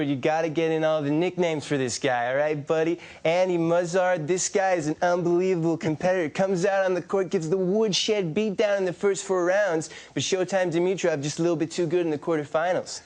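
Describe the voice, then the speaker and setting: A man's voice: a little high, steady tone, a little fast, hardly any pauses, darkish tone, pitched above the performer's own voice, lightly acted. A man impersonating a hyped male tennis commentator who is full of nicknames and talks in brash, punchy bursts.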